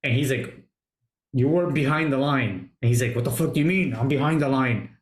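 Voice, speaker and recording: A man hosting a casual movie review chat, retelling scenes excitedly and swearing a lot. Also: medium pitch, fairly quick. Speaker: podcast host. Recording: roomy echo.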